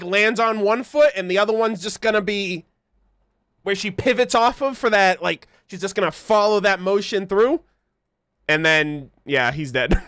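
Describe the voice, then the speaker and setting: A man hosting a casual livestream, talking excitedly to his chat with frequent laughs and loose swearing. His voice sits high and sounds bright. It is recorded close and dry, with no room echo. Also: clear, resonant tone. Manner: excitable, laughing, swearing freely, chatty with viewers. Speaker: livestream host reacting to an animated series.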